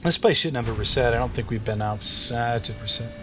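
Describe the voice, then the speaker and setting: A man's voice: medium pitch, brisk, background noise. An American man thinking aloud and rambling through casual let's-play commentary, with self-deprecating asides. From United States. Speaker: gaming YouTuber.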